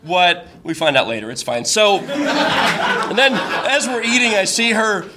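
A man's voice: high-pitched, lively intonation, measured pace, heavy background noise. A man telling a comic personal story, rambling with many fillers and self-interruptions, and adding wry, incredulous asides.

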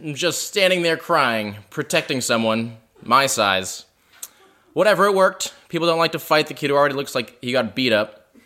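A man's voice: medium pitch, lively intonation, normal speed, sharp tone. A man telling a wry, self-deprecating personal story at a live house show in a living room.

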